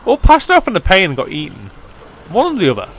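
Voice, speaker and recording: Crude, sarcastic gamer. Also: male voice, sits high, huge pitch swings, quick pace, a bit bright, slight background noise, rough recording. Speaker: let's play gamer. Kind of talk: casual gaming commentary.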